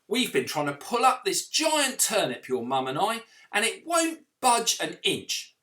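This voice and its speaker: A man's voice: high-pitched, wildly swooping pitch, unhurried, sharp tone, distant mic, exaggerated voice. A man voicing a plain-spoken old farmer in a children's story, speaking in a homely, patient way. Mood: weary.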